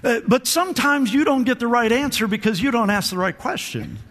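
A man's voice: very high voice, brisk, a bit bright, long reverb tail. A man preaching a sermon to a church, calling for amens, repeating phrases and restarting his sentences. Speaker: pastor. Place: church hall.

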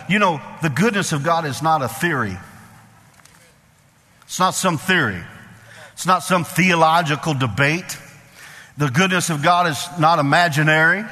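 In a long, reverberant hall, a pastor delivers an emphatic, repetitive sermon with call-and-response asides to his congregation. His voice is slightly high with a sharp edge.

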